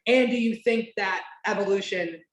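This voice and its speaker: A woman hosting a casual podcast, talking at a middle pitch and rambling through fillers, restarts and the odd swear word. Her voice rings in a roomy, echoey space. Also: normal speed. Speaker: podcast host. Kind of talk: casual chat, watch-along podcast. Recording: roomy echo.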